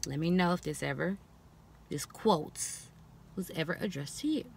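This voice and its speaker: A young woman vlogger talks to the camera at a moderate pace, her lowish voice showing vocal fry over slight background noise. Frank, blunt and animated, she parodies the comments people make to her with mocking voices.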